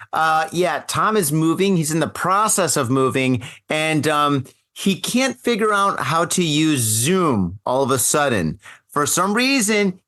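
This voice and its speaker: A man's voice: fairly high pitch, a bit bright. A middle-aged man hosting a casual live podcast over a video call, rambling, joking and repeating himself. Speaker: podcast host.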